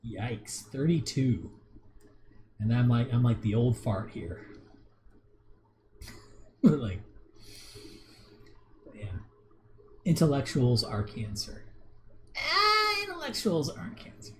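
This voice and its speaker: A man's voice: mid-range voice, drawn-out words, long pauses, background noise. A man in his thirties hosting a casual livestream, reading viewer comments and rambling with many restarts and chuckles. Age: 30s. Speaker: livestream host.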